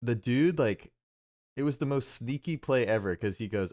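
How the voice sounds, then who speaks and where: A man's voice: mid-range voice, animated, normal speed, a little mellow. A young man telling a long story in casual podcast chat, with lots of fillers and laughs. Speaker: podcast co-host.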